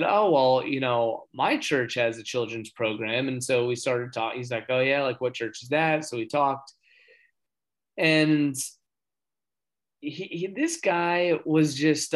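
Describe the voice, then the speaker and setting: A man telling a story in casual chat, earnest and rambling, getting excited as he talks. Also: medium pitch. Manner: earnest, excitable when talking faith; rambling with many fillers and restarts.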